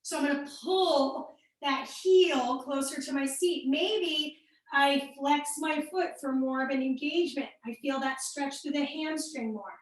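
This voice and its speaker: A young woman with a Midwestern accent teaches a workout class, her high voice bright and encouraging as she counts down and calls out names. She sounds far from the mic in a very echoey room. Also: a little slow. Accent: American Midwestern. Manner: upbeat, cueing and encouraging class members by name. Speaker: fitness instructor. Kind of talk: live workout class instruction.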